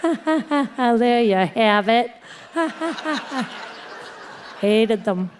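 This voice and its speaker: Speaking very slowly, the woman uses a fairly high, lively voice against slight background noise. She's in front of a live audience in a hotel conference room, sharing a humorous recovery story wryly, laughing a lot and mimicking the people in it.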